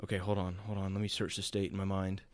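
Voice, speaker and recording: Young male podcast cohost, halting speech with lots of ums and cursing, bursts of excitement. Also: deep voice. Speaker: podcast co-host. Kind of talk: casual podcast chat.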